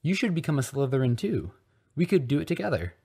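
A man voicing an excitable, boastful schoolboy who pushes his beliefs loudly and insistently. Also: a little high, fast talker, vocal fry, husky, voice pushed up, heavily acted. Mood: excited pushy. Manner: eager, loud, insistent.

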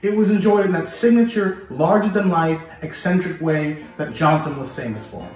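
A man hosting a history video, telling a story lively and speaking straight to the listener in a playful way. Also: fairly high pitch, normal speed. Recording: very echoey room, distant mic, music behind.

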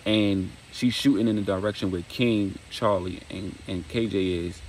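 A man's voice: low-pitched, steady tone, normal speed, slight background noise, rough recording. A man casually retelling a dramatic story, acting out dialogue and making sound effects.

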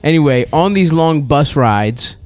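A man's voice: fairly high pitch, animated, a little slow, a little mellow, no room sound. A man from Baltimore, co-hosting a podcast, telling rambling stories and laughing at his own jokes. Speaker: podcast co-host. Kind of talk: casual comedy chat.

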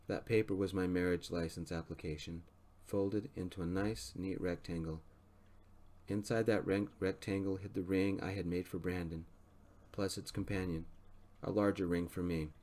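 A man with a low voice reads a story aloud in a soft-spoken, gentle way. His delivery is calm and even, meant for quiet listening. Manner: gentle, even reading pace.

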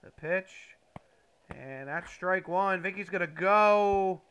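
A high-pitched man with a bright, sharp tone calls baseball video game action as a mock play-by-play announcer. He talks casually but swings into loud bursts of excitement. A faint background hiss sits under his voice. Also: unhurried.

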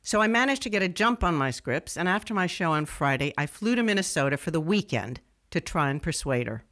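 A woman's voice: lowish voice, expressive, fairly quick, a bit bright. A woman voicing a young radio writer, telling her story in wry, digressive, scripted first-person narration.

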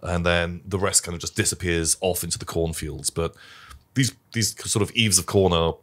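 Low-voiced man narrating as game master. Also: normal speed. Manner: relaxed, rambling with fillers.

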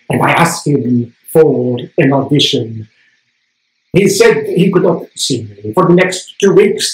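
A man playing a proud, determined Polish actress, telling her story slowly on stage in a Polish accent. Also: mid-range voice, lightly acted. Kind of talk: one-man stage monologue. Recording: roomy theatre stage sound.

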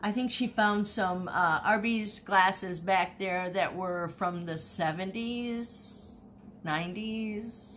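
Speaking slowly in a mid-range, fairly bright voice, a woman shows her thrift finds against slight background noise. The online reseller chats casually and animatedly for her haul video, often going back over the same bits of her story.

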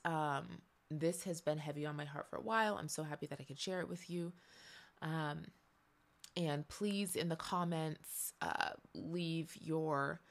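A woman talks through a spiritual reflection at an unhurried pace. She is gentle and earnest and often repeats a phrase to let it land. Her low voice carries a gravelly edge. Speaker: host of a reflection channel.

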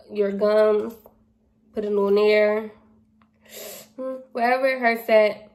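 Chatty, playful young woman vlogger, unhurried. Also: on the high side. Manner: playful, chatty, slangy, laughs at herself. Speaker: beauty vlogger. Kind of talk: casual product review vlog.

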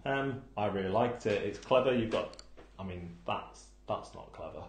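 A man's voice: fairly low pitch, normal speed, echoey room, slight background noise. A man hosting a board game countdown, reading out reviews and answering them with dry jokes and puns. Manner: wry, punning, jumps between joking and mock outrage. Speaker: board game channel host.

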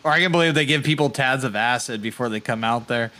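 A man's voice: mid-range voice, quick pace, pushed and bright. A young man co-hosting a podcast, cracking crude, profane jokes in casual banter. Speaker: podcast co-host.

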